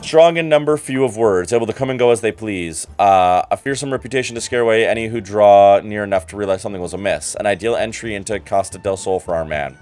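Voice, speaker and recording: A man's voice: fairly low pitch, fast, hardly any pauses, darkish tone, soft background music, lightly acted. A man reading aloud as a haughty, condescending male investigator from a game, in a formal, cool and superior manner.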